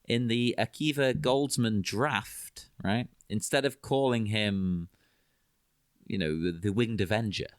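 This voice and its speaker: A man co-hosting a podcast, chatting about a film in an animated, enthusiastic way. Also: fairly low pitch, slow pace, clean tone, dry recording, studio quality. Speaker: podcast co-host. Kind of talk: casual film commentary chat.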